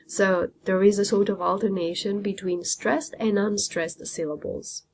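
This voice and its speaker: Woman teacher, Italian native, mid pitch, gravelly, patient explainer. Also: steady tone, a little slow, hardly any pauses, darkish tone. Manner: explains step by step, with frequent ums and uhs. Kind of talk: classroom lecture.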